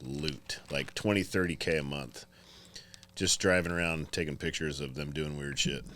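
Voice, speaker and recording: A man's voice: very deep voice, fairly even intonation, moderate pace, a bit bright, a little hiss or hum. A man hosting a casual podcast at his motorcycle shop, telling loose, profane stories with big outbursts. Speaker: podcast host, garage owner.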